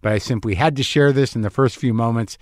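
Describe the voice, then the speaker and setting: A man's voice: medium pitch, fast, darkish tone, no room sound, clean studio sound. A middle-aged man hosting a podcast from his garage, talking in a wry, playful, riffing way. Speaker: podcast host. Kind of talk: casual podcast monologue. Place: home garage studio.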